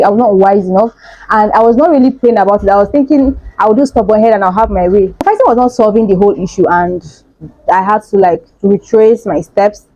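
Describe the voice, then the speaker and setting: A young Nigerian woman vlogger telling a personal story in an animated way, laughing often. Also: medium pitch, dry recording, muffled recording. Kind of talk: storytime vlog.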